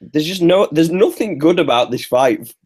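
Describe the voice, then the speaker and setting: A man's voice: on the high side, animated, moderate pace, darkish tone. A man co-hosting a casual sports podcast, talking in a profane, emphatic way. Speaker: podcast co-host.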